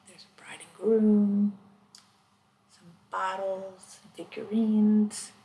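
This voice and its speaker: Middle-aged woman, chatty thrift vlogger, gravelly edge, slips into whispers, faint hiss behind. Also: mid-range voice. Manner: chatty, excitable, drops to whispers. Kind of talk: casual narrated haul vlog.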